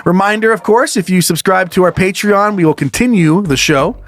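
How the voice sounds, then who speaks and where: A man's voice: high-pitched, fairly quick, fairly bright tone. Playful laughing male podcast co-host. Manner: laughs often, joking and playful. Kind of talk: casual chat.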